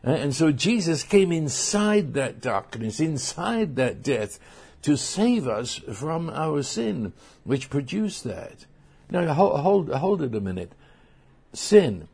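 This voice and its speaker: A man preaching a sermon, slow and emphatic, often restarting his phrases. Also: fairly high pitch, big pitch swings, gravelly, a little mellow, slightly rough.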